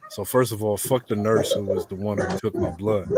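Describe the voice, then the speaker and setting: Low-voiced man telling a blunt story. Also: normal speed, very noisy. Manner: animated, acts out both sides of dialogue; profane, blunt. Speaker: podcast co-host. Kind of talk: casual storytelling chat.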